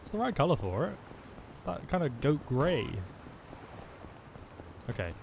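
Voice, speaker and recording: A man's voice: a little high, big pitch swings, unhurried, vocal fry, darkish tone, a little hiss or hum. A man streaming a video game, chatting casually and rambling through jokey asides as he plays. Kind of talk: casual gameplay commentary.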